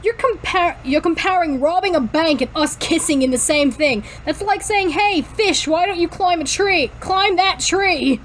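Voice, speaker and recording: A pushy young male actor who keeps pressing his point and refuses to back down. His lines come in a high, bright register, read aloud by a woman who is also attempting an accent, over a faint hiss. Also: a little slow, low-quality recording. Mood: insistent. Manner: attempts an accent while reading.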